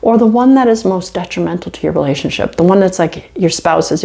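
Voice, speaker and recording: Brief: middle-aged female instructor, conversational lecture video, animated and self-mocking. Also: on the low side, fast, vocal fry, few pauses. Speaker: college instructor.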